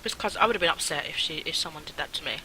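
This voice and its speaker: A woman's voice: sits low, racing, pushed and bright, slight background noise, rough recording. A young woman chatting casually as she plays a visual novel and reads its text aloud, rambling with lots of fillers. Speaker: gaming video host. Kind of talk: casual let's-play commentary, reading game text aloud.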